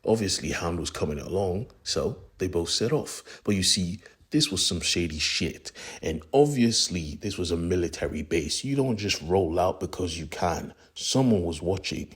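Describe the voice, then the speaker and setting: Slangy husky-voiced man narrating comics. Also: sits low, expressive, moderate pace, hardly any pauses. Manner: slangy, profane, dramatic. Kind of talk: casual comic recap storytelling.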